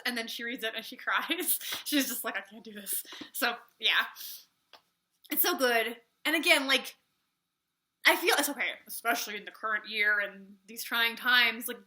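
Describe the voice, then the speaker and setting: A woman's voice: on the high side, bright, forceful tone. A young woman gushing in a chatty book review vlog, rambling through tangents with lots of "like".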